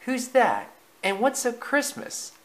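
A man voicing a young male fawn, raising his voice high and asking eager questions. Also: huge pitch swings, slow pace, heavily acted. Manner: high, wide-eyed questioning.

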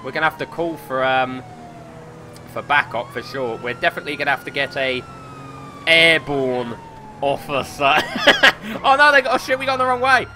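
A man with a British accent commentating on his gameplay, excitable, swearing a lot and laughing often. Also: a little high, normal speed, noisy background. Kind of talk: casual let's play commentary.

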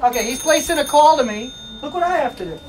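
A man's voice: very high voice, expressive, quick pace, a little mellow, distant mic. Playful man demonstrating to schoolkids. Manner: teasing, jokey, laughs often. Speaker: museum presenter. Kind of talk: playful classroom demonstration for children. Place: school room with children.

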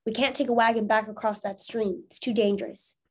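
A woman reading the lines of a cautious pioneer father in a storybook, calm and firm. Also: on the high side, brisk.

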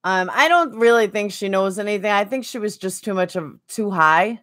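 A woman's voice: mid-range voice, expressive, moderate pace, fairly bright tone. A woman streaming a game, chatting casually and answering viewers by name. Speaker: game streamer reading chat. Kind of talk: casual chat while gaming.

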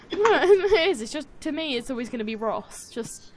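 A woman's voice: high-pitched, sing-song, moderate pace, slight background noise. A young woman hosting a casual gaming chat, giggling a lot, swearing and egging her friends on. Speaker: gaming channel host.

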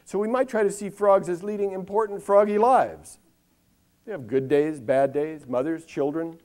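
A man's voice: high voice, darkish tone. Wry older man, comic monologue. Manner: wry, ironic, with dramatic pauses and lists. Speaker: monologist performing for a live audience. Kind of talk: comic spoken-word monologue with news-style delivery. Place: live benefit stage.

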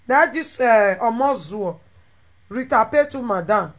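Ranting Nigerian Pidgin woman, fairly high. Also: moderate pace. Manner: animated, ranting, with sudden shifts between loud and quiet. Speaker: social media content creator. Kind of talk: impassioned monologue to followers.

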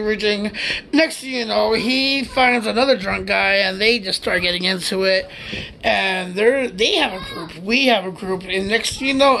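Gravelly man telling a rambling story. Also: very high voice, pushed and bright, slight background noise. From United States. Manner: profane, rambling, laughs while telling. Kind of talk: casual storytelling.

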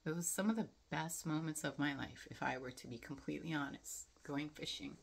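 Low, gravelly-voiced young woman rambling. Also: fairly quick, a little hiss or hum. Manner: chatty, frequent fillers, laughs often, reflective. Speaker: vlogger. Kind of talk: casual rambling monologue.

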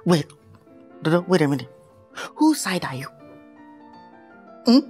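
A woman's voice: fairly low pitch, very animated, a little slow, darkish tone, faint music behind. A woman with a Nigerian accent playing a showy, heartbroken male pop musician in a comedy skit, dramatic and repetitive. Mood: distraught. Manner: dramatic, repeats itself, wailing. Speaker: comic actor.

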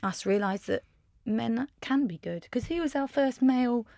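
A woman, a podcast guest telling family stories in an animated, casual way. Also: on the high side, moderate pace, creaky, no room sound. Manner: animated anecdotal storyteller. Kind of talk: casual chat.

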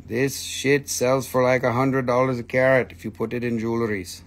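A man's voice: mid-range voice, flat delivery, moderate pace. A man hosting a live-stream sale, playful and joking, bantering with viewers and himself into a phone. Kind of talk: live-stream sales pitch.

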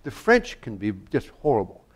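A man's voice: mid-range voice, huge pitch swings, normal speed. An older American conductor and harpsichordist, a guest on stage at a public talk, telling anecdotes animatedly and laughing, often restarting his sentences. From United States.

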